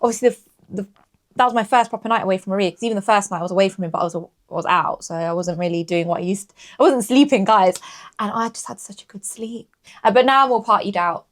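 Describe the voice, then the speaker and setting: Talking fast in a mid-range voice, this young podcast co-host keeps things casual. Her chat meanders, packed with filler words.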